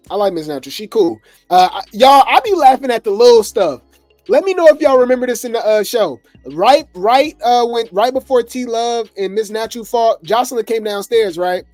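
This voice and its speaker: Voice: medium pitch, expressive, brisk, darkish tone, no echo, soft background music. A host rambling casually through reality TV gossip commentary, chuckling often and full of fillers.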